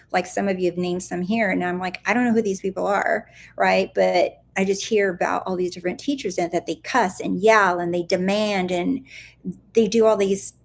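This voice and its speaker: A woman coach talks casually on a live stream in a mid-pitched voice with a gravelly, fry-tinged edge. She is chatty and playful, goofs around as she answers viewer questions, and keeps checking in with her listeners. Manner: chatty, playful and goofy, full of "like" and "do you see?". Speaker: law of attraction coach.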